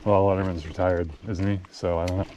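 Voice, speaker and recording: A man's voice: low voice, flat delivery, a little fast, lo-fi sound, noisy background. A man chatting casually and a bit profanely while mountain biking on a forest trail, his mic on a helmet or action camera. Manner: rambling, profane, offhand. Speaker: mountain biker. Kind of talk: casual chat while riding.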